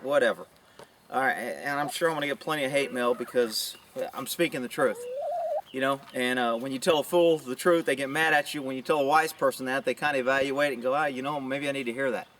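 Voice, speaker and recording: Outdoors with chickens nearby, a middle-aged police officer shares his views in a casual, blunt monologue to camera, wandering into rambling asides. His tone is fairly bright, he uses high mocking voices for quoted women, and he sounds somewhat far from the mic.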